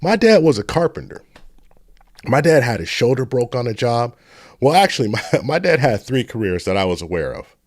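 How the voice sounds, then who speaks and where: A middle-aged man from the Bay Area hosting a casual live stream, telling rambling stories and shouting out viewers. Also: mid-range voice, very animated, moderate pace, no echo, clean studio sound. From San Francisco Bay Area.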